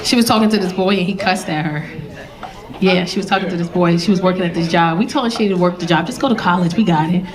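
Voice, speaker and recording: A woman's voice: fairly low pitch, fast, a crowd in the background. Blunt woman comic telling a story. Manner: blunt, profane storytelling with quoted dialogue. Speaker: stand-up comedian. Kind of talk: stand-up storytelling. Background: audience laughter.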